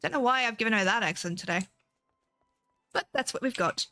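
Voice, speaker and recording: A woman's voice: fairly high pitch, fairly quick, pushed and bright, soft background music. A young woman chatting casually on a game stream, swearing freely and laughing often. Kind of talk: casual gameplay stream chat.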